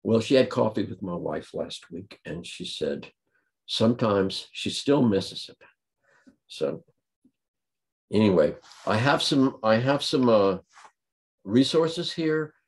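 A deep-voiced man speaks to a gathering as a guest speaker. He tells a funny story in a dry, deadpan way, letting the jokes land on their own. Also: takes it slowly, long pauses. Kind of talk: humorous anecdote at a talk.

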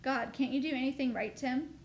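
A cocky young soldier-to-be from a storybook, proud of himself and quick to scold, as a woman reads him aloud. The voice stays high, with faint ambient noise behind. His lines are lightly voiced rather than acted. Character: older brother, young man, proud and cocky. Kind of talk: reading a novel aloud.

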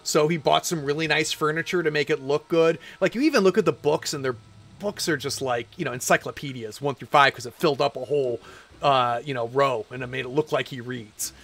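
A man's voice: mid-range voice, fairly quick, fairly bright tone. A man narrating a tabletop game as game master, in a chatty, loose way.

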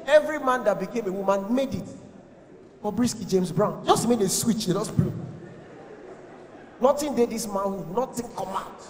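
Young Nigerian male comic, high-pitched and animated, playing to a big echoing venue. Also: normal speed, long pauses. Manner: animated storytelling mixing pidgin, acting out voices. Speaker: stand-up comedian. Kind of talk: stand-up comedy set. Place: large comedy venue with live audience. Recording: echoey hall.

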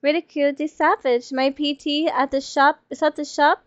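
Woman streamer, high voice, loose and profane, slightly worn, lo-fi mic. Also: steady tone, normal speed, no echo. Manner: chatty, swears freely, thinks aloud. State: losing her voice. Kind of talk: casual gaming stream chat. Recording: dull, lo-fi stream audio.

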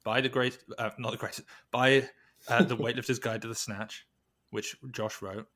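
A man speaking as a guest on an interview podcast, thoughtful and halting, with many restarts and fillers. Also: medium pitch, steady tone, bright, forceful tone. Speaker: podcast guest, weightlifting coach. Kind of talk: reflective conversational interview.

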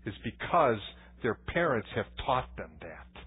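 Male pastor, conversational sermon, husky tone, phone-like lo-fi recording. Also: mid-range voice, very animated, measured pace. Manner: conversational preaching with anecdotes and frequent restarts. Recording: tinny phone-like church recording.

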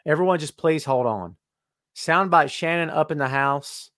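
On his live-streamed wrestling podcast, broadcast through a webcam, a middle-aged host teases and jokes while welcoming viewers by name. His voice is a little high and a bit bright at a moderate pace, recorded dry with studio quality.

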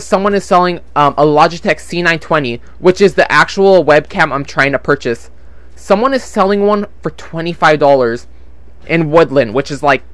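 His voice a little high and a bit bright in a dry recording, a young man hosting a gaming channel gives casual commentary as he plays. He rambles, swears often and vents frustration about money troubles into a desktop USB microphone at home.

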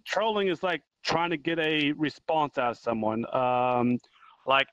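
Casual bright man on a lo-fi mic. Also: on the high side, fairly even intonation, measured pace, clear, resonant tone, dry recording. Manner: casual, offers personal opinions. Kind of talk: casual panel discussion. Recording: dull lo-fi mic.

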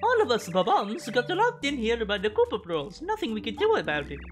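A woman's voice: a little high, fairly quick, pitched above the performer's own voice. A woman reading as a feisty bomb girl. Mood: chatty. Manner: lively, sometimes shouting in outrage. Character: spunky young female bomb creature, defiant. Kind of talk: reading game dialogue aloud. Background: game music.

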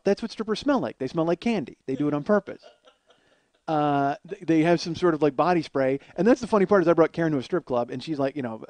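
A middle-aged man telling comic stories and ranting, profane and animated, acting out the other people in them. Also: fairly high pitch, no echo. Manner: ranting, profane, storytelling with acted-out quotes. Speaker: podcast host. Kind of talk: solo comedic monologue.

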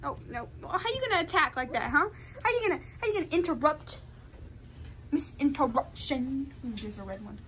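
A woman, chatting to puppies in a gushing baby-talk voice that jumps high into squeals. Her pitch is high and swings widely. Puppy noise fills the background. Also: animated, a little fast, a bit bright. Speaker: dog breeder vlogger. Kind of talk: casual chat with puppies. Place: puppy pen with dogs.

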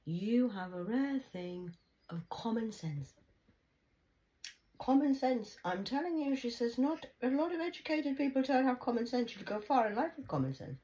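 A woman's voice: fairly high pitch, animated, normal speed, mellow, voice pushed up, lightly acted. A woman voicing her nagging old grandmother, who scolds insistently and keeps repeating the same name. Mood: earnest.

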